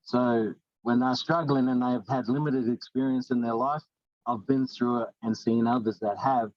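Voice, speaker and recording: A man's voice: mid-range voice, steady tone, moderate pace, no echo, muffled recording. A middle-aged man from New Zealand with a New Zealand accent, a life coach talking earnestly in a casual interview, often restarting his sentences. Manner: earnest, rambling with many restarts.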